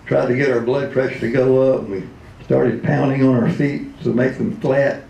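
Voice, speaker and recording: A man's voice: medium pitch, fairly even intonation, moderate pace, creaky, dark tone, lo-fi sound. A man in his seventies, a retired radio DJ, telling comic stories in a speech, laughing often and slipping into voices. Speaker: retired radio DJ, convention speaker. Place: convention hall. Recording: roomy hall.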